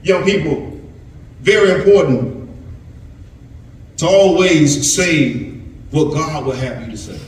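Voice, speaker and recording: A man's voice: on the high side, slow pace, pauses often, a little hiss or hum. A man preaching a sermon to young people, repeating words and restarting phrases as he goes. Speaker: pastor. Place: church sanctuary. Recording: very echoey church sanctuary from far off.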